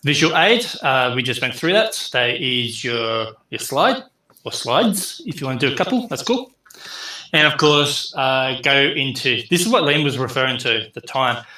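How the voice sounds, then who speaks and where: A man's voice: medium pitch, animated, pushed and bright, reverberant, low-quality recording. A middle-aged man, teaching an online class in a chatty way full of fillers. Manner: chatty, filler-heavy, speeds up and slows down. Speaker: university lecturer.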